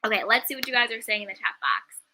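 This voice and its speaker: A woman's voice: fairly high pitch, quick pace, bright, forceful tone, a little hiss or hum, poor audio. A young adult woman hosting a casual live-stream, giving candid, emphatic opinions and reading viewer comments aloud. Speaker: reality TV commentary host.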